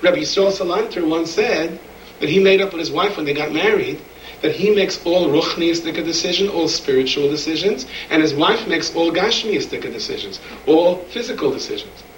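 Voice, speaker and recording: A man's voice: a little high, normal speed, recorded from a distance, slight background noise. A man preaching a sermon and telling stories, acting out the voices of the people in them. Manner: animated storyteller, acts out voices in quotes. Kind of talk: sermon storytelling. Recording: echoey room, speaker away from the mic.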